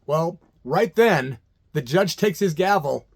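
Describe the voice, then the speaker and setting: Middle-aged man, slightly high voice, casual storyteller, laughs a lot, imitates people in quotes. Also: expressive, takes it slowly, slightly rough. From Illinois, USA. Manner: laid-back, laughs often, acts out voices in quotes. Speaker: vlogger telling a personal story.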